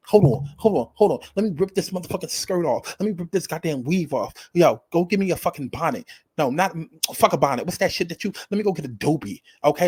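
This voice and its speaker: A man's voice: fairly high pitch, darkish tone, husky. A man voicing a brash, furious New York woman from a reality show, ranting with heavy profanity and street slang.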